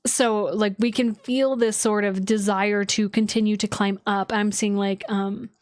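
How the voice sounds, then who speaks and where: A woman's voice: medium pitch, fairly even intonation, unhurried, dry recording, studio quality. A woman astrologer chatting casually on a livestream from home, loose and filler-heavy, with casual swearing.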